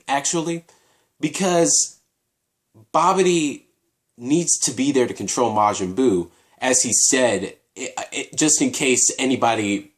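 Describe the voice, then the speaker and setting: A man reviewing an anime episode in a casual, halting way, often restarting his sentences. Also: mid-range voice.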